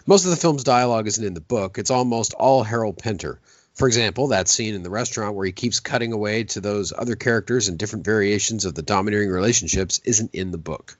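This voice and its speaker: A man's voice: fairly low pitch, fast talker, no echo, dull audio. A man co-hosting a casual film podcast, joking dryly and reading listener comments aloud. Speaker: podcast co-host.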